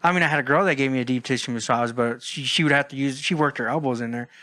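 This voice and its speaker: A man's voice: mid-range voice, quick pace, sharp tone. A man co-hosting a podcast, throwing in crude jokes during casual banter. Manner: crude jokey interjections.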